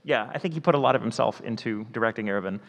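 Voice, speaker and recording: Fast-talking man telling stories in a hall. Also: mid-range voice, vocal fry. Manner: acts out quoted dialogue in varied voices, rapid storytelling. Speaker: voice actor and script writer on a convention panel. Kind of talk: animated anecdote-telling to an audience. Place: convention panel room. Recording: reverberant convention hall.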